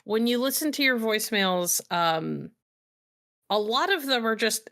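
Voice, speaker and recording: A woman narrating a tabletop role-playing game as storyteller, in a relaxed, filler-heavy way. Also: a little high, measured pace, creaky.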